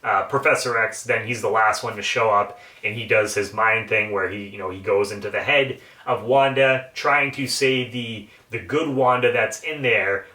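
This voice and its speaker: A man giving a casual, excited spoiler review of a film, swearing freely as he recaps scenes. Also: fairly low pitch, normal speed, hardly any pauses, distant mic. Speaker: movie reviewer. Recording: roomy echo, a bit off the mic.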